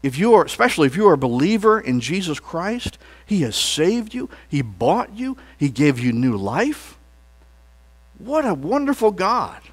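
A man's voice: a little high, sing-song, normal speed, hardly any pauses, slightly rough. A man preaching a sermon in a church, earnest and emphatic, leading the congregation in spoken declarations. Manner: leads the congregation in call-and-response declarations; earnest preaching with emphatic rises and soft trailing phrase endings. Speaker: pastor. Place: church sanctuary.

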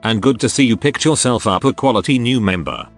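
A man's voice: mid-range voice, brisk, soft background music, close to an everyday voice. A synthetic male text-to-speech voice voicing a pudgy, greedy middle-aged Irish mob fixer. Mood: businesslike.

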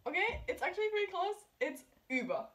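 A woman's voice: a little high, expressive, brisk. Giggly woman host. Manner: giggly, chatty, swears casually. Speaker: YouTube host. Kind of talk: casual chat.

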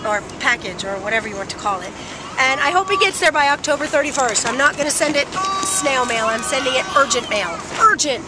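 A woman's voice: high voice, lively intonation, a little fast, over a noisy crowd. A middle-aged woman and mother chatting casually and animatedly in a family vlog. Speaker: vlogger and mother. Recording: loud background noise.

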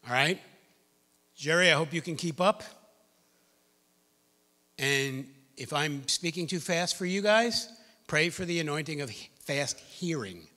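High, bright-voiced man preaching in a hall. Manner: lively preaching with scripture readings and asides. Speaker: pastor. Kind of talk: sermon. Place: church sanctuary.

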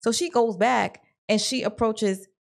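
A woman's voice: fairly high pitch, steady tone, unhurried, vocal fry. A woman giving a casual, opinionated recap of a TV episode, talking in slang and acting out the characters' lines. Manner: opinionated and blunt. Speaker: TV recap vlogger.

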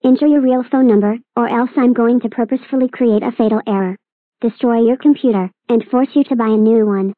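A woman's voice: fairly high pitch, fairly even intonation, a little fast, no room sound, natural voice. A synthetic female voice as a smug scheming cartoon villain. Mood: gloating. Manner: gloating, taunting, threatening. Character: scheming smug villain who makes a spammy operating system. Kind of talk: text-to-speech cartoon voice. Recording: dry tinny phone-like audio.

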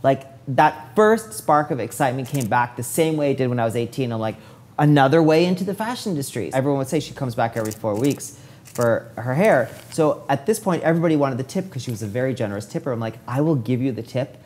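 A man in his forties with a mid-range voice talks quickly as he shares his career story as a hair stylist. The interview is casual, and he brings it to life by performing the dialogue people spoke along the way.

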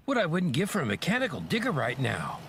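A man's voice: a little high, huge pitch swings, quick pace, a little hiss or hum, exaggerated voice. An actor playing a kindly older grandfather, cheerful and chatty with old-fashioned turns of phrase, in a cartoon. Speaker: Bob's father. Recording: cartoon soundtrack with loud music.

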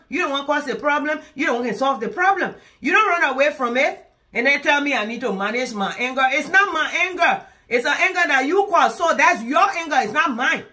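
A high, bright woman's voice scolds a partner down the phone in a comic monologue. She is indignant and keeps arguing in circles, from Liberia. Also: lively intonation, brisk. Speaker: comedian.

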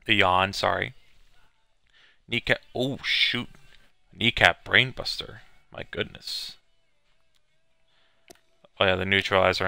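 Male gamer, crisp and bright, dry close sound, casual hesitant commentary. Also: low-pitched, no room sound. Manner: hesitant, many fillers, reads on-screen text aloud. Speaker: gamer playing a video game. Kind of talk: casual let's-play commentary.

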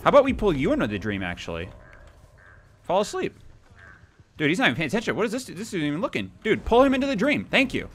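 A young man giving excitable, playful let's-play commentary, taunting the players as he goes. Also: high voice, quick pace, pauses often. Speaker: gaming YouTuber.

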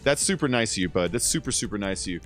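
This is casual livestream chatter from a man in his thirties gaming at home, loose and rambling with plenty of swearing. He has a lowish, slightly bright voice with lively intonation and a quick pace, and soft music plays behind him.

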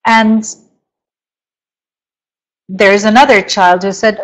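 A middle-aged woman coaching parents in a webinar lecture, explaining slowly and deliberately, with emphatic stresses. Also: medium pitch, expressive, rough recording.

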